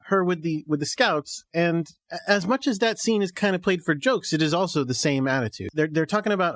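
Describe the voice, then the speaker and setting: A man's voice: a little high, a little fast, hardly any pauses, fairly bright tone, dry recording, studio quality. A man co-hosting a casual fan podcast, laughing often and acting out characters' lines as he talks. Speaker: podcast co-host.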